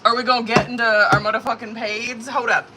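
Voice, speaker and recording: A woman's voice: a little high, little pitch movement, fairly quick, heavy background noise. A woman hosting a live tarot stream, chatting casually, swearing freely and laughing often. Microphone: phone or tablet.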